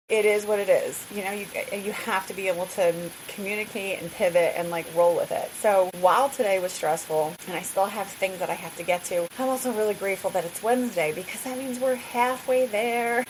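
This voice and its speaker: A woman's voice: mid-range voice, a little fast, low-quality recording. A middle-aged woman hosting a podcast, talking candidly and casually, laughing often and filling her talk with "like" asides. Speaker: podcast host. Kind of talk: candid solo podcast chat. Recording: hissy recording.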